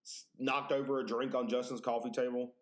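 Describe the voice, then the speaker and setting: A man's voice: medium pitch, brisk. A man hosting a podcast, telling exaggerated, profane stories in casual chat. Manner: animated, profane, exaggerated storytelling. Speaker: podcast host.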